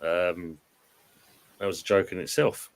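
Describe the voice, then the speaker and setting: A man's voice: low voice, fairly even intonation, measured pace. A man in casual football chat on a live stream, reading out viewer comments in a rambling, hesitant way and laughing often.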